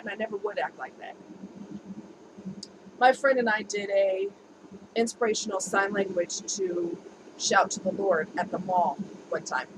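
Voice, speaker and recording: A woman vlogging casually to camera, talking candidly and laughing easily as she shares her experiences. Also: on the low side. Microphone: camera mic. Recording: home video with noticeable background noise.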